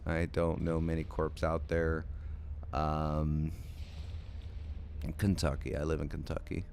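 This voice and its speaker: A sleepy man streaming a game well past his bedtime, chatting with viewers in a rambling way with lots of ums and false starts. His voice sits very low and gravelly, and he speaks slowly. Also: flat delivery, a little mellow, slight background noise. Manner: rambling, hesitant, many ums and restarts. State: sleepy, yawning late at night. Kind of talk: casual livestream chat with viewers.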